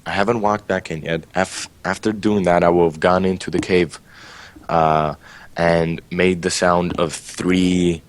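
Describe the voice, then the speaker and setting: Low-voiced man playing a tabletop game. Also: level tone, measured pace. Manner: describes his actions, eager and chatty. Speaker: player.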